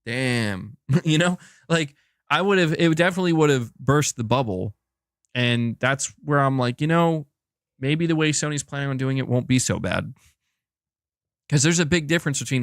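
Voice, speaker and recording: A man's voice: mid-range voice, animated, moderate pace, no echo, studio quality. A man streaming as a gaming YouTuber, reading chat and chatting loosely, swearing and calling people dude and bro. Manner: casual, swears, says dude and bro a lot.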